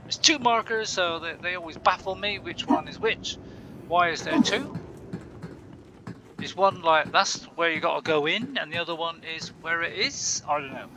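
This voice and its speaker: A man's voice: sits high, lively intonation, moderate pace, background noise. A man rambling casually through gameplay commentary, chatty and laughing often, talking to himself. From Bristol, England. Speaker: gaming channel host.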